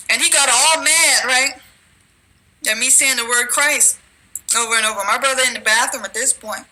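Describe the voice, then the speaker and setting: A woman with a very bright, fairly high voice recounts a religious dream in casual, rambling speech. She restarts her sentences and uses fillers, and now and then she reads scripture aloud. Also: normal speed, rough recording. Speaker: religious video maker. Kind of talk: casual testimony and scripture reading.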